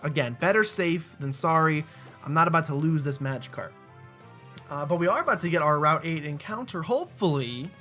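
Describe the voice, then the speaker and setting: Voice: mid-range voice, animated, a little fast, fairly bright tone, faint music behind. A let's-play host giving casual, rambling, self-mocking commentary while playing a game at a desk mic. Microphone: desk mic with webcam.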